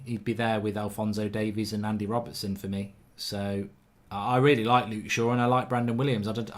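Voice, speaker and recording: Bloke hosting a footy watchalong, chatty, reads out chat, gets fired up about ref calls. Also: male voice, lowish voice. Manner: chatty, opinionated, quick to get worked up over refereeing. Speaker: host of a live football watchalong. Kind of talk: live match watchalong chat, reading out viewer comments.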